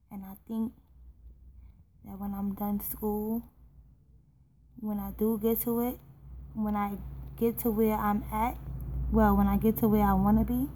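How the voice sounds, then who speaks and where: A woman's voice: mid-range voice, dark tone, slight background noise, rough recording. A young woman hosting her own podcast, talking in an earnest, heartfelt and rambling way full of fillers. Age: young adult. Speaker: podcast host. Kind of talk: personal solo podcast talk.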